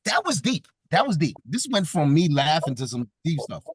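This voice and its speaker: A man's voice: on the high side, big pitch swings, moderate pace, breathy edge, no echo, clean studio sound. A man from Brooklyn, New York, giving a comedic motivational talk. He jokes, laughs often and keeps talking with the audience. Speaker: event speaker.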